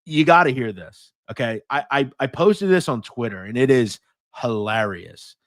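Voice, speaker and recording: A man's voice: medium pitch, animated, normal speed, a bit bright, no echo, clean studio sound. A man from the United States hosting a casual livestream podcast, blunt and profane, mocking and reading out viewer donations. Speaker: podcast host.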